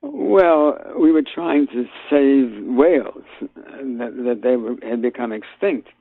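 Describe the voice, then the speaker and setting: An older man speaks over a tinny phone line as a radio guest. His voice is gravelly, and he talks haltingly, circling back with fillers and restarts before he lands his point. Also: mid-range voice, expressive, no echo. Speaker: guest actor. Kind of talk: phone interview.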